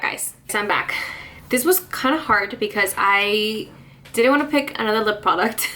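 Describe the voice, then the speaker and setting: A woman's voice: medium pitch, fairly bright tone. Chatty woman vlogging about makeup. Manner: chatty, laughs often, fillers and asides. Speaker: beauty vlogger. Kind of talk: casual chat to camera.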